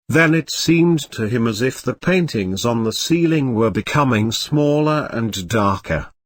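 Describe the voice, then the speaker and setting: A man reading a classic novel aloud as an audiobook, in a measured storytelling manner with light shifts for the characters. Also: mid-range voice, dry recording. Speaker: narrator.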